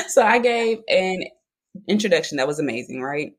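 A woman's voice: on the low side, animated, moderate pace, breathy edge. A woman from Alabama with a Southern accent, hosting a podcast interview in an upbeat, chatty way. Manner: upbeat, chatty, says "y'all" often. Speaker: podcast host. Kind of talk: casual interview chat.

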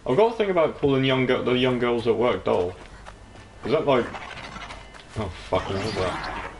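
A man's voice: medium pitch, animated, moderate pace, slight background noise. A young English man giving casual, rambling gameplay commentary, jokey and sweary. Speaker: let's play streamer.

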